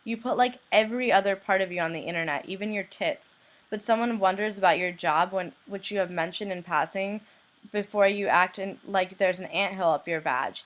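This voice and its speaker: Young blogger woman reading out her inbox, deadpan, middle-pitched voice. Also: brisk. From United States. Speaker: blogger reading anonymous messages. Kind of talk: reading messages aloud to camera.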